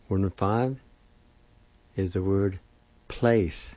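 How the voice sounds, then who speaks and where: A man teaching vocabulary, spelling out and pronouncing each word slowly and patiently, with repetition, on a dull lo-fi recording. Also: low voice, steady tone, warm tone, dry recording. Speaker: language teacher. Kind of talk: slow spelling and pronunciation lesson. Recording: dull lo-fi sound.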